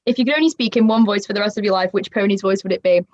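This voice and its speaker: A woman's voice: mid-range voice, rapid-fire, a little mellow, dry recording. A woman from the north of England with a northern accent, a guest on a livestreamed convention panel, chatting, reading the chat and laughing often. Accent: Northern English. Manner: bubbly, rambling, laughs often. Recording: dull, dry home livestream audio.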